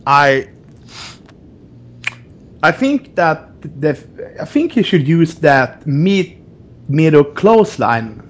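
Male podcast co-host, slightly high and lively, restarts often. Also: takes it slowly, pauses often. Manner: repeats words, laughs often. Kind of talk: casual chat.

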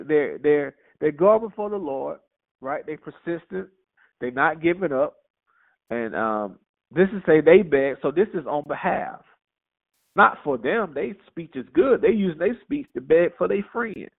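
A man teaching a Bible study in a lively, conversational way, reading verses and asking rhetorical questions. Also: fairly high pitch, creaky. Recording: tinny phone-like audio.

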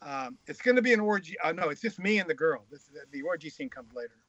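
A man, a guest author, telling crude, frank stories in a casual, animated way. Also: a little high, fast talker, dull audio. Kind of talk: casual anecdotal storytelling.

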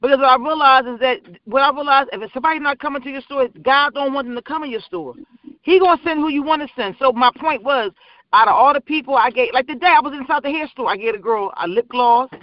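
A woman, a small business owner, telling rambling, animated stories in a casual call-in radio chat. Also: high voice, quick pace, no echo. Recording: dull lo-fi dry sound.

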